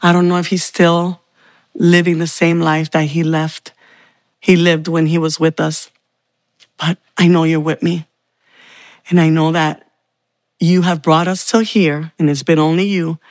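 A woman's voice: sits low, level tone, unhurried, pauses often, a little mellow, no room sound, studio quality. A woman giving an earnest, heartfelt personal faith testimony. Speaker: testimony speaker.

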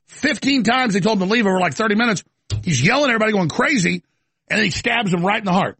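Ranting male talk show host, gravelly and husky, stammering restarts. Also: high-pitched, expressive, quick pace, sharp tone, no room sound. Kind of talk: live talk show rant.

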